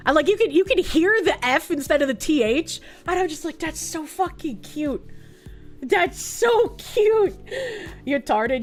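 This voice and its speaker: A woman streamer chats with her audience in a bright, high voice that swoops up and down. She swears freely and collapses into squealing giggles, with faint music playing underneath. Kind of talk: casual chat reading viewer comments.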